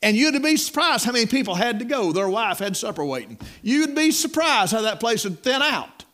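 A middle-aged preacher delivers a sermon in a lively, high-pitched voice that swoops up and down, moving a little fast. His folksy storytelling style includes stumbling, repeated words and calls of "my friend."

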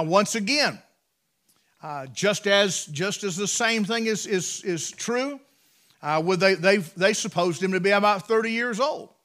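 A man with an Appalachian accent preaching a sermon from the pulpit in a folksy way, repeating words and building to loud, emphatic peaks. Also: sits high. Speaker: pastor. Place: church sanctuary.

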